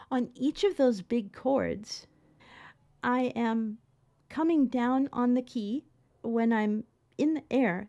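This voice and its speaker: Woman, middle-aged, piano teacher, casual tutorial, chatty, expressive, slightly high pitch. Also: slow pace, lo-fi sound. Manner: chatty and expressive, laughs often, many restarts.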